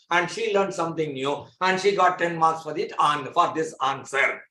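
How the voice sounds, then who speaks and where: A man's voice: a little high, normal speed, hardly any pauses, bright, forceful tone. A man giving a lecture to a class, explaining with homely examples and repeating phrases for emphasis. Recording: echoey room.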